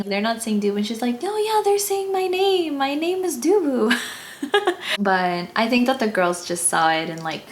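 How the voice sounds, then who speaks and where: A woman's voice: medium pitch, a little hiss or hum. A young woman from Texas, recapping an experience in a chatty, gushing way, giggling often and acting out what others said. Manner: gushing, giggly, quotes people in little voices. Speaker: vlogger.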